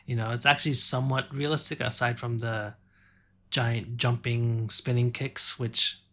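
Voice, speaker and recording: A man's voice: mid-range voice, level tone, normal speed, pushed and bright. A man co-hosting a casual podcast chat, adding wry joking asides. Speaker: podcast co-host.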